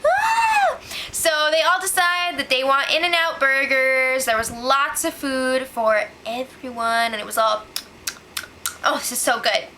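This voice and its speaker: A woman giving a casual, animated spoiler recap, exclaiming and acting out what people said. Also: high-pitched, a little slow, a little hiss or hum, poor audio. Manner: animated, exclaiming, acts out quotes. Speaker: show recap host.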